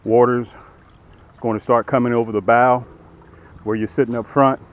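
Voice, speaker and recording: Out by the water, a middle-aged boat dealer walks viewers through a boat in a folksy, casual demonstration, addressing them directly while he works and lifts, slightly winded. His mid-range voice stays fairly flat at a moderate pace, and the audio is narrow and tinny.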